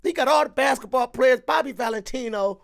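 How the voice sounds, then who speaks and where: High, gravelly, lively man commenting. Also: fairly quick. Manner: loud, joking, breaks into laughter and sing-song. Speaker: commentator reacting to a clip. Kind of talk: animated casual commentary.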